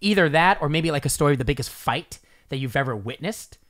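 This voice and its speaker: A man's voice: fairly high pitch, fast. A man in casual chat who jokes around and fires questions at his friends. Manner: joking, animated, asks questions.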